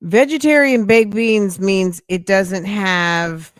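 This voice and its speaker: A woman's voice: medium pitch, slow pace, dry recording, clean studio sound. A woman hosting a stream, reacting to a call with blunt, mocking commentary. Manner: blunt, mocking, talks back at the clip.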